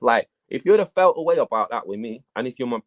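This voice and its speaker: A man, a battle rap guest talking casually in an interview, telling animated stories and swearing a lot. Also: medium pitch, quick pace. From England. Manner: animated storytelling, heavy swearing.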